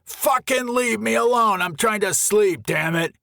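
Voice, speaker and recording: A man voicing a gruff, hostile male camper who yells and swears in an audiobook. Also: fairly high pitch, normal speed, no echo, clean studio sound, pitched above the performer's own voice, natural voice. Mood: hostile, yelling. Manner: yelling, swearing, threatening. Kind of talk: audiobook character voice.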